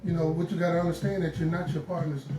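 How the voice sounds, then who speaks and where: A man's voice: fairly high pitch, level tone, fast, far from the mic. A man co-hosting a live relationship talk stream, giving earnest advice and repeating his points. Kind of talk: casual live-stream chat. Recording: roomy sound with guitar music behind.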